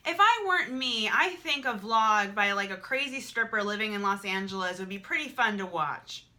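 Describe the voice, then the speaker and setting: A woman's voice: mid-range voice, lively intonation, moderate pace, sharp tone. A young woman talking candidly to camera in a vlog, emotional and repetitive, swearing freely. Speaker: vlogger.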